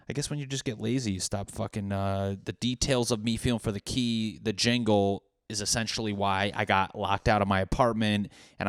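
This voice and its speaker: Young male podcast host, solo comic monologue, rambling and self-deprecating, smooth tone, dry close sound. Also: fairly low pitch, no echo. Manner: rambling, self-mocking, bursts into mock voices.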